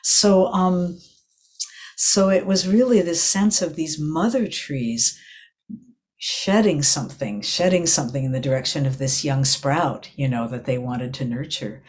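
An older woman who teaches meditation gives an evening dharma talk, telling a story in a gentle, reflective way and correcting herself as she goes. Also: low voice, a little slow. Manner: meandering storytelling, restarts and self-corrections.

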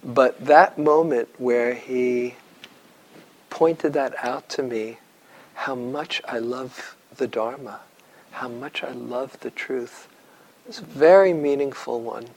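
A man giving a dharma talk to retreat students, telling stories in a slow, reflective way with long pauses. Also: medium pitch, poor audio. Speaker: meditation teacher.

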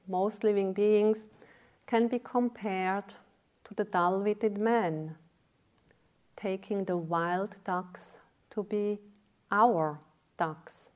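A woman meditation teacher giving a dharma talk, telling a teaching story in a deliberate way. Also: medium pitch, darkish tone.

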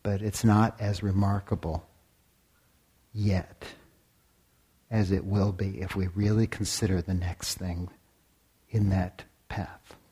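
A man giving a dharma talk as a meditation teacher. He speaks deliberately, sometimes drops to a whisper, and asks the listeners many rhetorical questions. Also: low-pitched, flat delivery, warm tone, husky. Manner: deliberate, with long pauses, sometimes dropping to a whisper.

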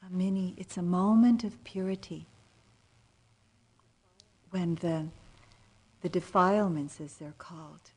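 Soft-spoken woman teacher, mellow and breathy. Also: on the low side, steady tone. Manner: soft-spoken, drifting into near-whispers; gentle and unhurried, with frequent fillers. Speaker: meditation teacher. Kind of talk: dharma talk. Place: meditation retreat center.

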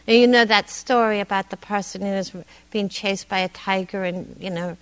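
A woman meditation teacher giving a dharma talk in a meditation hall, conversational and gently humorous. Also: mid-range voice, normal speed, clear, resonant tone.

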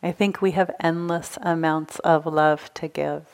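A woman giving a gentle, engaging dharma talk to a live retreat audience as a meditation teacher. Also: sits low, steady tone, measured pace, smooth. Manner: gentle, engaging, asks the audience to raise hands.

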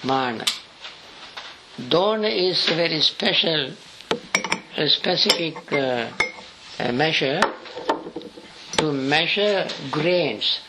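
Older Sri monk teaching slowly. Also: male voice, on the high side, lively intonation, very noisy. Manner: slow, halting explanations with frequent pauses and spelled-out letters. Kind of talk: scripture study lesson.

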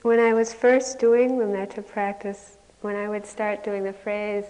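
A woman's voice: mid-range voice, flat delivery, unhurried, dark tone. A woman meditation teacher giving a candid dharma talk at a retreat, with self-mocking stories that often break into laughter. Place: retreat center meditation hall. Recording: long hall reverb.

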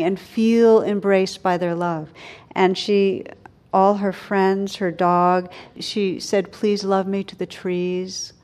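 A middle-aged woman, a meditation teacher, giving a gentle, unhurried dharma talk and softening her voice on tender words. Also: medium pitch.

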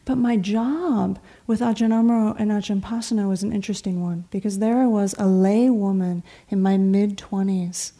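A middle-aged woman, a meditation teacher, giving a dharma talk in a meditation hall, telling stories conversationally and sometimes dropping to a soft whisper. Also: medium pitch, steady tone, moderate pace, hardly any pauses. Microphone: talk recording before a seated audience.

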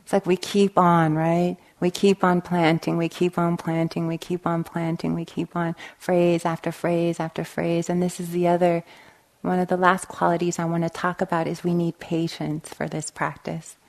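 A woman meditation teacher giving a gentle dharma talk, telling stories and often checking in with "right?". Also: fairly low pitch, little pitch movement, normal speed. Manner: gentle, storytelling, frequent "right?". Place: meditation hall.

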